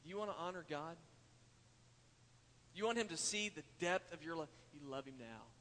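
A man preaching a sermon, emphatic, swinging from loud declarations to hushed asides. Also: a little high, expressive, normal speed, in a large hall. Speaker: pastor.

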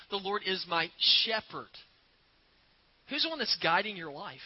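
A man preaching a sermon as a pastor, earnest and repetitive, slowing down to stress his points. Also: high-pitched, highs cut off. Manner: earnest, repeats words, slows for emphasis.

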